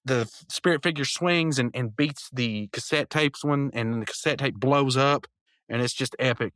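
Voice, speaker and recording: A man hosting a podcast, eagerly retelling a cartoon episode with stammered restarts and quick character impressions. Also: medium pitch, a bit bright, dry recording. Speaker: podcast host. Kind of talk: casual episode review.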